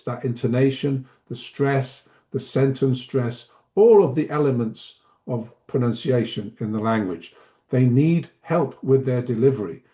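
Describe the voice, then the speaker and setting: A middle-aged man giving a teaching webinar, speaking deliberately and demonstrating pace and emphasis as he explains. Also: medium pitch, mellow. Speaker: webinar presenter, language teacher trainer.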